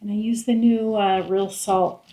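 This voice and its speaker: A woman's voice: medium pitch, level tone, a little slow, background noise. A woman hosting a home cooking vlog, chatting playfully and laughing often in her kitchen. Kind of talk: casual chat.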